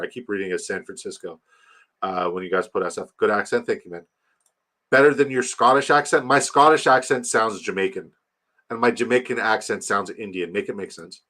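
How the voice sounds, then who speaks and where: A man hosting a casual fantasy football livestream, animated and swearing freely as he reads viewer comments aloud. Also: lowish voice. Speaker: livestream host reading chat.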